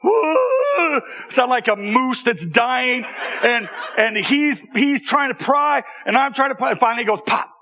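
At a moderate pace, a man with a bright, high voice recounts a personal story to an audience, animated and conversational, with frequent restarts and audience asides.

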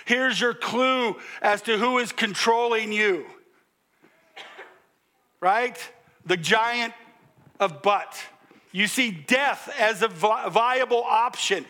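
This older pastor speaks slowly in a high-pitched voice, pausing often as he preaches. His sermon is joking and animated, with calls to the congregation and occasional loud exclamations.

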